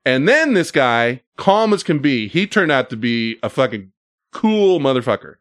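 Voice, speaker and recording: A man's voice: mid-range voice, sing-song, normal speed, fairly bright tone, no room sound, studio quality. A man telling a story casually, with lots of fillers and swearing.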